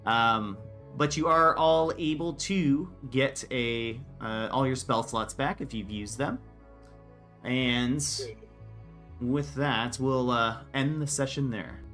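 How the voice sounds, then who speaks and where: A man's voice: mid-range voice, slow pace, fairly bright tone, soft background music. A man narrating as game master, talking loosely with many fillers.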